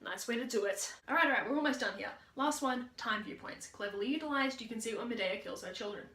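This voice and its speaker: A woman, a drama student, giving a brisk, upbeat school drama presentation. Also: fairly high pitch, bright, forceful tone. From Australia. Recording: echoey room.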